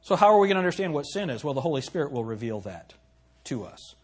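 Husky preaching man with a lively voice. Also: quick pace. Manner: earnest preaching, rises to emphatic scripture reading and drops low for asides. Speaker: pastor. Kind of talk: sermon.

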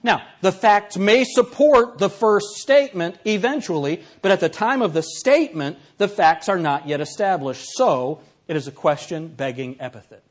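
Animated man lecturing a class. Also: high-pitched, moderate pace, hardly any pauses. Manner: animated, reads examples aloud, asks the class questions.

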